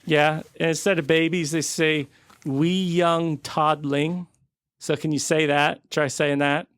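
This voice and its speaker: A man co-hosting a casual comedy podcast, deadpan, slipping into silly mock-British voices. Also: a little high, moderate pace, smooth, dry recording. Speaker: podcast co-host.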